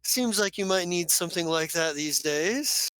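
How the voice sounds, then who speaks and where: A man voicing a shrewd male spacer in a tabletop game, measured and persuasive. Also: high-pitched, lively intonation, a bit bright, clear, resonant tone, no room sound, rough recording.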